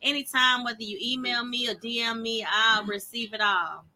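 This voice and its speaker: Woman author guest, very sharp and bright voice, steady and affirming. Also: on the high side, moderate pace. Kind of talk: casual chat.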